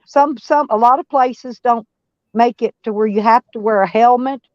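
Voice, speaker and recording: A woman's voice: fairly high pitch, moderate pace, a little mellow, dry recording, highs cut off. A woman from Arkansas with a Southern US country accent, chatting casually in a rambling, stop-start way. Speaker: van life vlogger. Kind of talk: casual chat.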